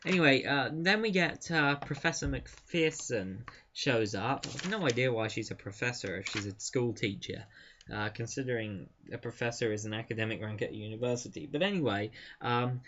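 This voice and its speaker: Enthusiastic male reviewer, chatty with filler words; mid pitch, dull lo-fi recording. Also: moderate pace, background noise. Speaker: comic book reviewer. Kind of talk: casual review talk.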